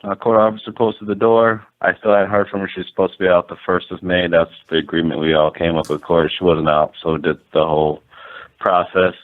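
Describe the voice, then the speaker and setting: A man's voice: sits low, a little fast. A man, a landlord guest, telling a story casually and rambling, full of "like" and acted-out quotes. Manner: rambling, animated, lots of "like" and quoted dialogue. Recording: tinny phone-like line.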